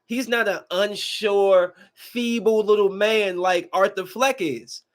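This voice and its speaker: High-voiced man ranting casually. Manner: animated, slangy, emphatic ranting with quick asides. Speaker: podcast host. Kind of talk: casual movie review rant.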